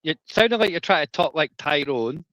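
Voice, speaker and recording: A man's voice: on the high side, expressive, a little fast, fairly bright tone, no room sound, lo-fi sound. A Scottish man hosting a live stream, rambling casually and swearing freely.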